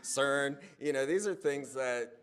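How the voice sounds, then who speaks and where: A man speaking in a casual, animated monologue, his voice climbing higher and louder when he gets worked up. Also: unhurried, smooth. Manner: animated storytelling, voice rising when excited. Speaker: speaker on a hypnosis channel.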